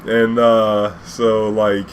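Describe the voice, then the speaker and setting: A man's voice: lowish voice, little pitch movement, extremely slow, a little hiss or hum. A man, a cab driver telling a casual, rambling anecdote full of fillers and swearing.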